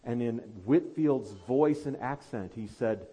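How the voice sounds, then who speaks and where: A man preaching a sermon as pastor, fervently urging his listeners, then dropping to quiet, low asides. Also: a little slow, breathy edge, muffled recording.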